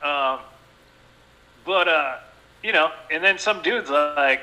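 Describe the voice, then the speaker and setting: A bright, sharp-toned man hosting a podcast in loose casual chat. He swears constantly, laughs a lot and acts out stories with plenty of energy. His voice sits a little high for a man. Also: takes it slowly, rough recording. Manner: swears a lot, laughs often, animated storytelling. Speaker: podcast host.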